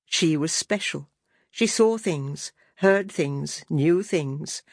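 A woman narrating an unabridged audiobook in a measured, deliberate reading voice. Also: deep voice, no room sound, clean studio sound.

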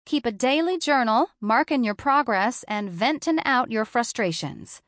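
Upbeat supportive best friend, read by a woman, higher and punchier than the narration, dry close sound. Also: expressive, unhurried, a bit bright, no room sound. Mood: encouraging. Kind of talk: audiobook character voice.

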